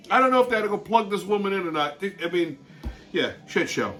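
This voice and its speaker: A man's voice: high voice, expressive, a little fast, a bit bright, faint music behind. A man hosting his show, ranting bluntly in a heavily profane monologue and laughing through his own stories. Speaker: show host.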